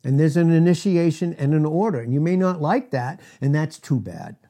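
Emphatic preaching man, higher voice. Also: expressive, moderate pace. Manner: emphatic preaching with rhetorical questions, swinging from loud to hushed. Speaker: pastor. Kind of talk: sermon.

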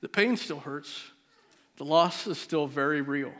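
A pastor telling a personal story in a sermon, his voice dropping to a near hush at the emotional moments. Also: fairly high pitch, a little slow. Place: church sanctuary.

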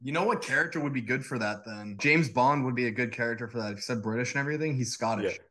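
A man's voice: mid-range voice, fast talker, fairly bright tone. A young man teasing his friends bluntly in a casual podcast chat. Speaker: podcast co-host.

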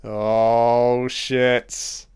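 A man giving a casual, profane running commentary on a film, reacting excitedly to each scene. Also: medium pitch, very slow, clean tone.

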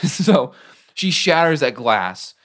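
A man's voice: fairly high pitch, sing-song, slow pace, a bit bright. A man in casual podcast chat, recapping scenes in a rambling way full of filler words.

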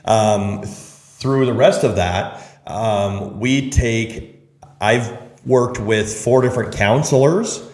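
A man hosting a podcast, telling personal stories in an animated, casual way with frequent restarts. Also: mid-range voice. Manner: animated storyteller, quick restarts. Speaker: podcast host. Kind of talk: casual conversation. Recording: roomy echo.

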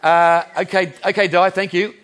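This is a pastor's sermon from a man in his fifties with an Australian accent and a high voice, delivered at a moderate pace. He keeps it relaxed and story-based, chuckling and restarting his sentences along the way.

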